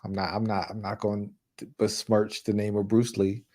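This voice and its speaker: A man's voice: fairly low pitch, little pitch movement, normal speed, a little mellow. A man from New York co-hosting a casual movie talk show, rambling with many restarts and filler words. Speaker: co-host. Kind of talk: casual chat.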